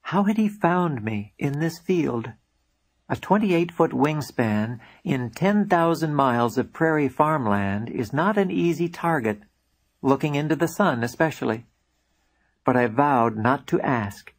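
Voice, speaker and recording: A man's voice: on the high side, expressive, unhurried. Man reading his own story. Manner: reflective first-person storytelling. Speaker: author narrating his own book. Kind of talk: audiobook narration.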